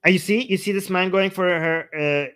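Guy ranting on his livestream, kinda high voice, calls people idiots, keeps fumbling with his screen share. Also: moderate pace, fairly bright tone, slight background noise. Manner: combative, insulting, rambling, talks while screen sharing. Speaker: livestream host. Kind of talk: heated livestream reaction commentary.

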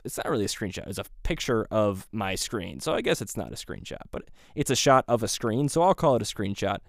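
A man talks through a solo podcast episode in a loose, rambling way, tossing in sarcastic and self-mocking asides. His voice sits in an ordinary middle register. The recording is dry and close, with no room echo. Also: mid-range voice. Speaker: podcast host. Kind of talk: casual solo podcast monologue.

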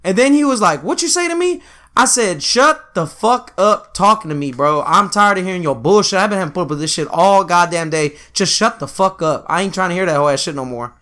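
A man co-hosting a casual podcast, telling stories in a loud, profane, animated way and laughing often. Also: a little fast. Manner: animated, profane storytelling with big pitch swings. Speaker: podcast co-host.

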